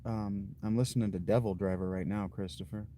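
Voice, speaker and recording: Low, mellow-voiced man chatting with viewers. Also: fairly even intonation, slight background noise. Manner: unhurried, thinks aloud with fillers and restarts. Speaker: livestream host. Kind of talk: casual chat reading viewer comments.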